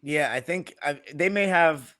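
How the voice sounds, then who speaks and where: A man hosts a relaxed basketball podcast in a fairly high voice, mixing strong opinions with teasing jokes. His voice sits close and dry, with no room around it. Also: measured pace, no echo. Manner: opinionated, jokey, lively when teasing. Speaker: podcast host. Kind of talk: casual sports podcast chat.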